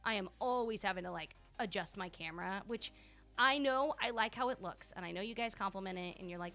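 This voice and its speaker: A young woman streaming a video game live, chatting casually in a gushing, animated way, full of "like" and "dude". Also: mid-range voice, fairly quick, faint music behind.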